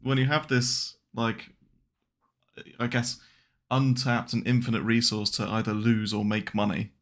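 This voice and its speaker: A man hosts a relaxed chat and keeps the jokes coming. His voice at a middle pitch carries a gravelly, fry-edged grain. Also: a little slow. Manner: jokey, laughing between remarks. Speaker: host. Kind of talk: casual chat.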